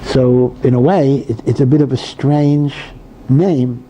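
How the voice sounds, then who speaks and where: A male rabbi teaches in a very dark, mellow voice, talking casually with frequent asides and restarts. There is a faint hiss behind him. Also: medium pitch, fairly even intonation, a little slow, low-quality recording. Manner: conversational, many asides and repetitions. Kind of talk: Torah lecture.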